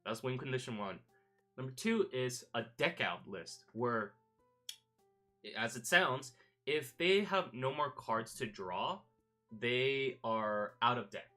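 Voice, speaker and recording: A man's voice: mid-range voice, very animated, takes it slowly, bright, forceful tone. A man streaming casual chat, rambling through a story with many fillers and restarts. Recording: faint background music.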